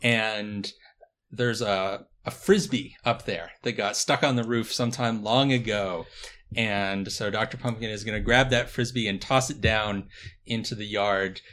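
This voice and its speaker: A man talking as a player in a tabletop game, relaxed and explaining at length. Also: on the low side, measured pace.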